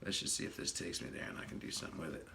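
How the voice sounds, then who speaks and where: Racing through his words against background noise, a man hosts a laid-back livestream chat. He rambles along, welcoming viewers, reading out their comments, and messing with the stream.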